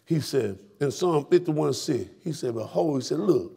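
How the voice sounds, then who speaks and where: A man preaching a fiery sermon in a church, shouting and calling out to his congregation. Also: on the high side, expressive, moderate pace, gravelly, breathy edge. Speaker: pastor. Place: church sanctuary.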